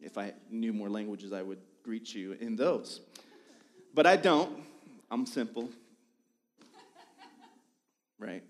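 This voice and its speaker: A lead pastor in his thirties preaches to his church in a low-pitched voice. He talks casually, wanders into tangents and pokes fun at himself, so the sermon feels like a friendly chat. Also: slow pace, long pauses. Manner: joking, tangent-prone, self-deprecating. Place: church sanctuary.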